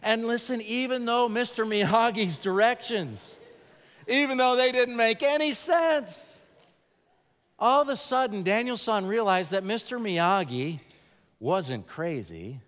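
A man preaching a sermon to an audience in a large chapel, moving from animated storytelling to quiet, earnest appeals. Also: high voice, measured pace. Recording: long reverb of a large hall.

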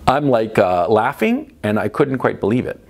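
A man's voice: fairly low pitch, gravelly, a little mellow. A middle-aged man hosting a show, telling a personal story in a casual monologue. He swears freely and keeps checking in with "okay?" and "right?". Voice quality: profane, rambling, with frequent tag questions. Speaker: host.

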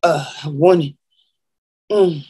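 Slow, husky woman preaching with fervor. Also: deep voice, warm tone, rough recording. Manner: fervent, moaning and sighing between phrases; overwhelmed, pausing to collect herself. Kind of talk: emotional spiritual testimony.

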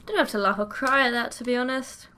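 A young woman giving let's play commentary, swearing freely with loud exclamations while she plays. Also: fairly high pitch, quick pace, a little hiss or hum. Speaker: gaming channel host.

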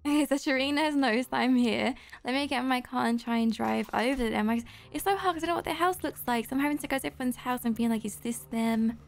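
A woman hosting a Roblox gameplay video, talking straight to her viewers in an excitable, gushing way full of gasps and squeals. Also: sits high, fast talker, gravelly, faint music behind. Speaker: YouTuber host.

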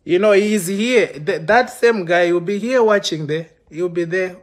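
High-pitched man ranting accusingly on a livestream. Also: a little slow. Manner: impassioned and accusatory, with many restarts. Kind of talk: live-streamed rant to viewers. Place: London.

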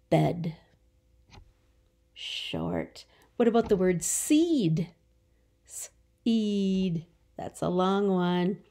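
A woman's voice: medium pitch, warm tone. A woman teacher giving a remote phonics lesson to young children, stretching out her words in a patient, encouraging way.

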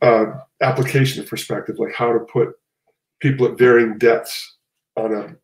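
Rambling man in a roomy echo. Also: medium pitch. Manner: rambling, self-correcting, with frequent restarts. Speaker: comic artist guest. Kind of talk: casual conversation.

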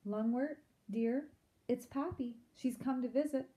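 A woman's voice: sits high, a little slow, dark tone, pitched above the performer's own voice. A woman voicing a fretful mother mouse. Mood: worried. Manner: fretful, anxious. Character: worried mother mouse, gentle and anxious.

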